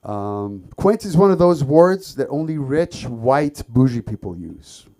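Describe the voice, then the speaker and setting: A man from the Middle East performing an open mic stand-up set, with lots of ums and bursts of loud shouting. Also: mid-range voice, big pitch swings, measured pace. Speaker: stand-up comedian. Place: comedy club stage.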